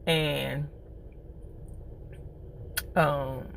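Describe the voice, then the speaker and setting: A woman recapping a TV episode in a chatty, animated way, full of slang. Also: deep voice, drawn-out words, vocal fry, a little hiss or hum. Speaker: TV show reviewer.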